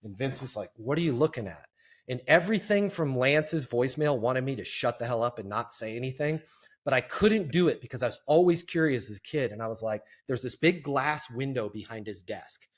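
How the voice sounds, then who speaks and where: Energetic middle-aged man telling a story. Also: mid-range voice, brisk. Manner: energetic, self-deprecating storyteller. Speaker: sales trainer, guest. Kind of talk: storytelling interview answer.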